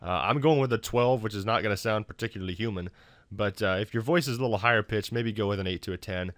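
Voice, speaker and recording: A man narrating a casual software tutorial for his video channel, loose and full of fillers and restarts. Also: on the low side, fast, no echo. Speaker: YouTube tutorial maker.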